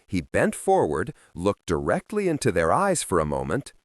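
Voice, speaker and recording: A man reads a self-help audiobook in a low voice that swings widely up and down. He leans on key words and shifts his pace to drive points home. The recording is close and dry, with no room sound. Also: huge pitch swings, normal speed, dry recording. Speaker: audiobook narrator. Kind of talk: scripted audiobook narration.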